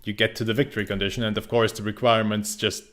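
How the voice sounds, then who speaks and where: A man's voice: on the low side, level tone, fast, a bit bright. A young man casually commenting on his gameplay, rambling and joking, with frequent restarts. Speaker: game streamer.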